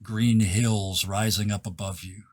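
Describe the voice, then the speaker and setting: A man narrating a tabletop role-playing game as game master, setting vivid scenes and dropping to a hush at key moments. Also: lowish voice, fairly even intonation, a little slow, a crowd in the background.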